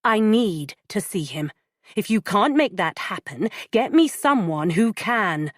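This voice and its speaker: A woman's voice: medium pitch, sing-song, unhurried, dry recording, clean studio sound, voice pushed up. A woman voicing an anxious, determined woman in crisis who speaks in a tense, strained way.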